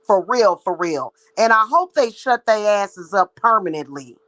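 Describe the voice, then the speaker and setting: A woman speaking at a middle pitch in a heated, profane rant. She is blunt and worked up, talking straight to her viewers as a psychic reader. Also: lively intonation, measured pace, fairly bright tone, rough recording. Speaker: psychic reader and spiritual practitioner. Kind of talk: ranting vlog monologue.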